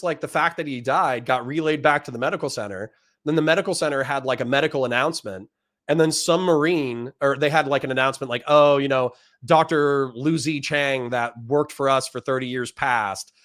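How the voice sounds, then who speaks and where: A man's voice: a little high, fairly bright tone. A man, a Marine veteran, telling a rambling, profane story in casual chat and often breaking into laughter.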